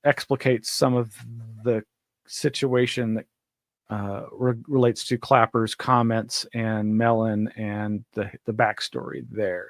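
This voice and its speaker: A man's voice: lowish voice, little pitch movement, slow, no room sound. Chatty male news host, dry sound. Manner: chatty, meandering, laughs often. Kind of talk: casual news commentary.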